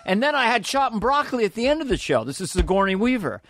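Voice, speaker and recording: A man, a comedian guest, telling lively stories in a casual podcast interview, dropping into quoted voices and swearing now and then. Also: high-pitched, fast, a little hiss or hum.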